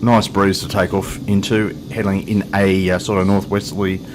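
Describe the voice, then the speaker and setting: A man's voice: low-pitched, little pitch movement, normal speed, background noise. A man hosting a flight simulator video, chatting casually with jokes and self-deprecating asides. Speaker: flight sim video host. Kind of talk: casual gameplay commentary.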